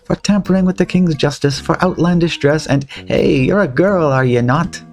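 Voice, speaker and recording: A man's voice: fairly high pitch, moderate pace, gravelly, pitched above the performer's own voice. A man voicing a bossy, self-important colonial watchman who barks accusations. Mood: accusing. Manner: blustering, accusing.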